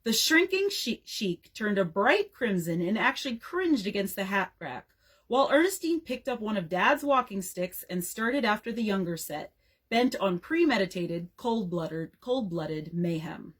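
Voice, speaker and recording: Expressive, breathy woman reading a bedtime story. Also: mid-range voice, a little slow. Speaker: librarian. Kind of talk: bedtime story read-aloud.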